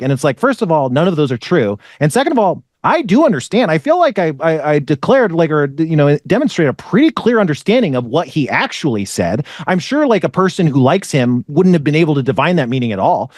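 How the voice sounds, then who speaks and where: A man's voice: on the high side, big pitch swings, fairly quick, few pauses, a little mellow, dry recording, studio quality. A young man hosting a podcast, talking in a rambling, sarcastic way and swearing freely. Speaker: podcast host. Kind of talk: casual podcast chat.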